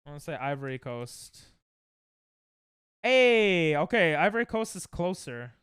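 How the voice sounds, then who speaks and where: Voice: medium pitch, sing-song, measured pace, a bit bright, clear, resonant tone, dry recording, clean studio sound. A young adult streamer chatting casually with viewers while playing, reacting to chat and laughing often. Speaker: Twitch streamer.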